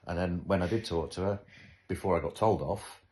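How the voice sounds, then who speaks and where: Deep-voiced man, wry and chatty. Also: fairly quick, darkish tone. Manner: wry, joking, self-deprecating. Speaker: podcast host. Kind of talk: casual chat.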